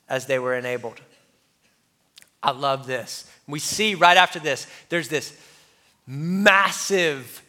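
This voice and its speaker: A pastor, a man, telling a lively personal story in his sermon and laughing at himself, before reading scripture. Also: fairly high pitch. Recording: long hall reverb.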